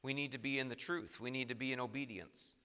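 Emphatic preacher in a reverberant hall. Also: male voice, mid-range voice, steady tone, fast talker, sharp tone. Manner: emphatic, rising and falling for stress; reads verses in old formal wording. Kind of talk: sermon reading scripture aloud.

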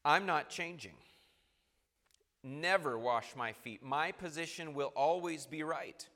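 Proud stubborn male apostle, put on by a preacher, haughty, insistent, higher voice, hall reverb. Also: slow pace, pushed and bright. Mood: defiant.

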